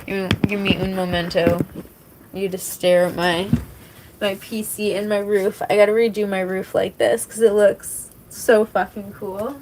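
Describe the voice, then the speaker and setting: A woman's voice: mid-range voice, little pitch movement, unhurried, a little mellow, slight background noise, poor audio. A young woman from British Columbia, streaming and chatting casually with her chat, rambling with lots of fillers and casual swearing. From British Columbia, Canada. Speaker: live streamer.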